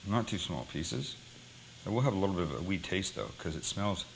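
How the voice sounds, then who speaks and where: A man's voice: sits low, brisk, gravelly, a little hiss or hum, rough recording. A man hosting a cooking show, chatting casually and telling joking stories as he cooks. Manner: joking, animated storytelling.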